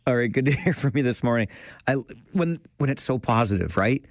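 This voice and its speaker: Joking Canadian radio host, dry studio sound. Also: male voice, medium pitch, expressive, a little fast, dry recording. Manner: jokey, teasing banter with callers. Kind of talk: call-in radio chat.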